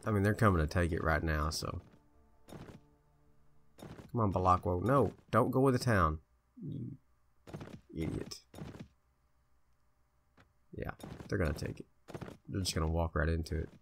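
A man casually commentating his own strategy game play, chatty and indecisive, bossing his troops around out loud. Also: sits low, moderate pace, long pauses, slight background noise. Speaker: gameplay video host.

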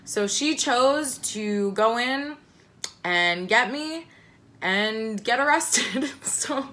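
A young woman casually telling a personal story, rambling with many likes and ums and swearing freely, her voice jumping shrill and loud when she quotes herself. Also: animated, very slow.

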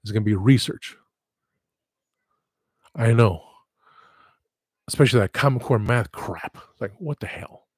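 A man's voice: on the low side, measured pace, pauses often, husky, no echo, studio quality. A man hosting his own livestream podcast, talking frankly in a loose, rambling way and swearing freely. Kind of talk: casual rambling livestream chat.

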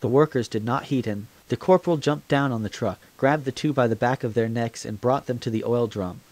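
A man narrating a memoir audiobook in a steady, plain reading voice. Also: medium pitch, fairly quick, no room sound. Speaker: audiobook reader.

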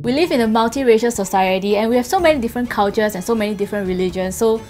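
Young woman ranting on her vlog, blunt and sarcastic, slightly high voice, faint music behind. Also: very fast. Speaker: vlogger. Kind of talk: opinion vlog monologue.

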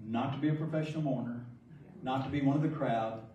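A man's voice: mid-range voice, fast, warm tone, dull audio. Male preacher, joking storyteller, distant mic in a reverberant sanctuary, faint room hum. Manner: jokey storytelling, laughs often. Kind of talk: preaching a sermon. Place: large church sanctuary. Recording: echoey hall from far off.

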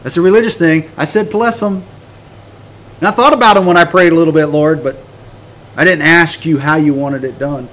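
An American man teaching a Bible study on prayer, animated and emphatic, full of rhetorical questions. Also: a little high, quick pace, hardly any pauses. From United States.

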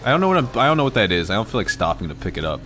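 Animated young man, bright voice, loud reactions. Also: on the low side, racing. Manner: excitable, swears freely, reacts loudly. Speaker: gaming streamer. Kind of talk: let's play commentary.

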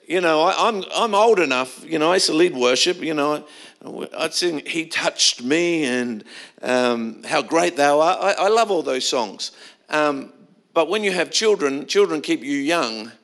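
A man's voice: a little high, expressive, unhurried, a bit bright. A middle-aged man preaching a sermon in a church, telling stories in a conversational way with frequent restarts. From Australia. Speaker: pastor.

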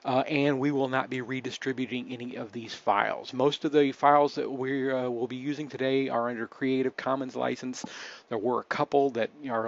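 Man, webcast host, casual chat, mid-pitched voice, muffled audio. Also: gravelly. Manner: relaxed, chatty, many fillers and restarts.

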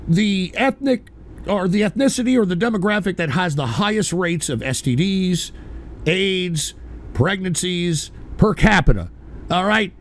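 High-voiced, gravelly ranting radio host. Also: male voice. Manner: ranting, brash, repetitive. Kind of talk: profane call-in radio rant.

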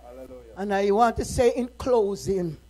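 A middle-aged woman minister preaching a sermon, moving from quiet, personal talk to impassioned shouting. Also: mid-range voice, sing-song, normal speed, rough recording.

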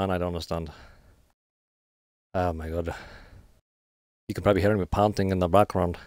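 A man's voice: sits low, fairly quick, pauses often, a little mellow, no room sound, clean studio sound. A man streaming a shooter game, giving frustrated live commentary with trash talk and swearing. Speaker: gaming streamer.

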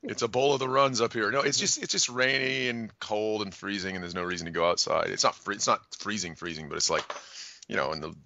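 A man's voice: lowish voice, fairly even intonation, fast talker, gravelly, pushed and bright, lo-fi sound, slight background noise. An American band frontman chatting in an interview, rambling, joking and swearing as he talks. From United States. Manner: profane, rambling and jokey. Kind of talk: casual phone interview.

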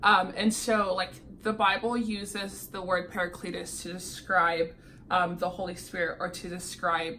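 A woman's voice: lowish voice, little pitch movement, a little slow, pushed and bright, a little hiss or hum. A young woman talking in a casual chat, earnest and enthusiastic, with filler words. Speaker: guest.

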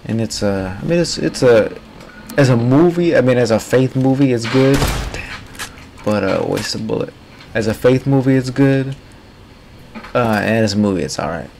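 A man's voice: mid-range voice, expressive, moderate pace, vocal fry, long pauses, a little mellow, slight background noise. A man giving casual, rambling commentary while playing a game. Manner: rambling, loose and chatty. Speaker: gaming streamer.

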